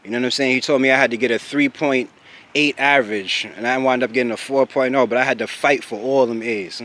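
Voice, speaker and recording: Here a man from the U.S. talks quickly in a mid-range voice, sharing something personal to camera. His tone is casual and full of swearing, peppered with "you know what I'm saying," and it rises into loud animation whenever he relives moments of anger.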